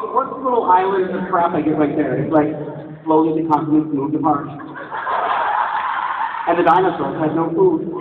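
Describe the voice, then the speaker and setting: A male stand-up comedian doing a set on stage, telling animated stories and breaking into silly voices. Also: high-pitched. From Hawaii, raised in Minnesota. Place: stage in a large hall before a live audience. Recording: distant, phone-like echoey hall recording with loud noise.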